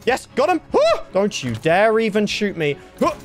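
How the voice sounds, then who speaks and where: A man commentates a Minecraft challenge in a slightly high voice that leaps up and down constantly. He swings between calm asides and panicked outbursts, with faint music in the background. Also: moderate pace. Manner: excitable, jumping from calm remarks to panicked yelps. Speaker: gaming video host.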